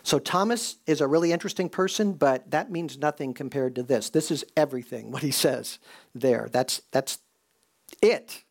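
A man preaching in a relaxed, conversational way, easing his pace to drive points home. His mid-range voice has a gravelly fry running through it. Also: medium pitch. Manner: conversational preaching, slows for emphasis. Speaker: pastor. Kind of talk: sermon.

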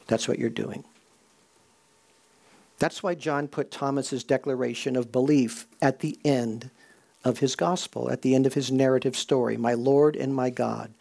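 A man preaching a conversational sermon and slowing down to stress key points. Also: medium pitch, fairly even intonation, creaky, a little mellow. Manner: conversational preaching, slows for emphasis. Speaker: pastor.

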